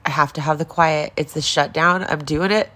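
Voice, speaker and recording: A woman's voice: deep voice, steady tone, normal speed, pushed and bright. A woman in her forties in a casual confessional vlog, upset and near tears, talking in a raw, rambling way with lots of swearing. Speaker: vlogger.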